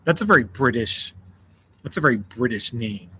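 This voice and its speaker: A man's voice: mid-range voice, animated, moderate pace, sharp tone, a little hiss or hum. An American man hosting a casual live stream, chatting with viewers, thanking them by name and laughing often. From United States. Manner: chatty, reads out and answers chat, laughs often. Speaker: livestream host.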